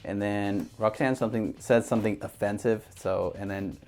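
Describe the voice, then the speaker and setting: A man's voice: on the low side, fairly even intonation, normal speed, a little mellow, soft background music. A man co-hosting a casual recap chat, rambling and hesitant with lots of fillers. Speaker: podcast co-host.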